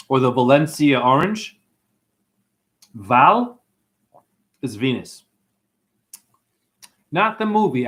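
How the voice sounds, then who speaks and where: A man hosting a livestream, chatting in a rambling way, answering comments and swearing freely as he tells stories. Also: mid-range voice. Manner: excitable, profane, rambling storyteller. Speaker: livestream host.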